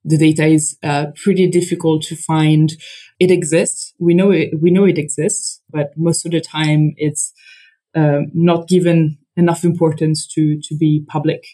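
Italian economist woman, guest; mellow voice, halting, restarts often. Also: deep voice, flat delivery, rough recording. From Italy. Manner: thoughtful, halting, frequent restarts, light laughs. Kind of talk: podcast interview.

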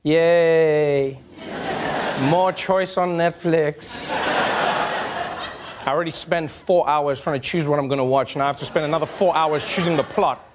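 A man hosting a late-night comedy show, delivering a stand-up monologue with an animated manner and mocking voices. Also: a little high, measured pace. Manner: animated, slips into mocking voices for quoted people. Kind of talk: stand-up monologue before a studio audience. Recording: studio audience noise behind the voice. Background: studio audience laughing and cheering.

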